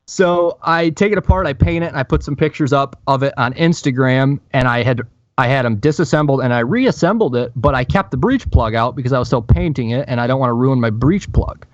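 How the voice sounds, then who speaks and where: A man co-hosting a podcast, telling a profane, animated story in casual chat. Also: mid-range voice, fairly quick, no room sound, lo-fi sound. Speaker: podcast co-host.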